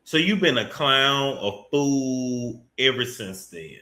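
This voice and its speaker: A man hosting celebrity gossip commentary, talking in a profane, mocking way with sudden bursts of shouting. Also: mid-range voice, lively intonation, measured pace, few pauses. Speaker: commentary host. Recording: echoey room.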